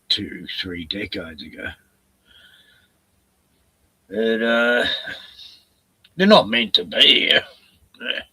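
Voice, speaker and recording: A man's voice: mid-range voice, gravelly, pushed and bright, breathy edge, no room sound. A man with an Australian accent, chatting on a live stream in a laid-back, rambling way, swearing and chuckling often. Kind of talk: casual rambling chat.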